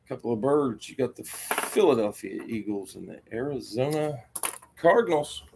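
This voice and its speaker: Low gravelly guy muttering and griping on a stream, faint room noise. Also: moderate pace. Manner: grumbling, frustrated, muttering to himself. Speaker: host filling a football squares board. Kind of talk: casual live-stream chat.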